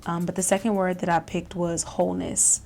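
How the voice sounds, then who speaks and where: A woman vlogger chats casually in a lowish, gravelly voice, circling back on her words with fillers and restarts. Faint noise sits under the recording. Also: level tone, moderate pace, a little mellow. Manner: chatty, self-reflective, many fillers and restarts, laughs often. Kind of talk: casual reflective chat.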